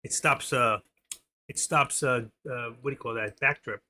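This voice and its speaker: A man's voice: medium pitch, normal speed, pushed and bright. A middle-aged man hosting a stock trading livestream, chatting casually and talking to viewers by name. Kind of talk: casual live-stream chat while trading.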